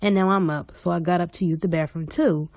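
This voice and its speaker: Brief: young woman, low and gravelly, flat delivery, dry close sound. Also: fairly quick, no room sound. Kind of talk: casual storytime.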